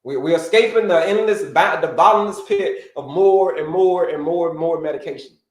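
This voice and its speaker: A man hosting a live health-coaching stream, talking to viewers in an animated, repetitive, preacher-like cadence. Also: fairly high pitch, moderate pace, roomy sound.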